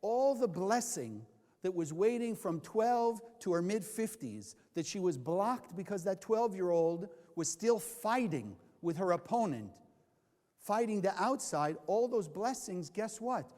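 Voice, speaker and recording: A man's voice: sits high, expressive, a little slow, a little mellow. A man from California teaching a Kabbalah class, asking the audience questions and answering them himself. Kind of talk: lecture to a live class. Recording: long hall reverb.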